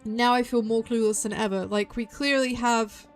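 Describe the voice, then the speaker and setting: A young woman streaming a game, thinking aloud in an excitable way and repeating her own phrases as she puzzles things out. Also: fairly high pitch, moderate pace. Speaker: VTuber streamer. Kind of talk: live game stream commentary.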